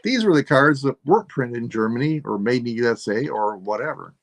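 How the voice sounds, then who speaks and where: A man selling items on a live stream, thinking aloud in a rambling, unhurried way as he describes each piece. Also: medium pitch, expressive, no echo. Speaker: online seller. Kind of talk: live-stream sales chat.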